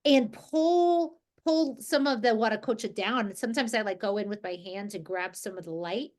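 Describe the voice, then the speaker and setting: A woman from New Jersey leading an energy healing group over a video call, talking in a relaxed, rambling way with many restarts. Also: mid-range voice, normal speed. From New Jersey, USA. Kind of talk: casual guided group talk.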